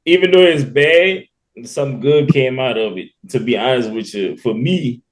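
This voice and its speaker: A man's voice: mid-range voice, a little slow. A man, co-hosting a podcast in casual talk. He is reflective and laid-back, and laughs between words. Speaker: podcast co-host.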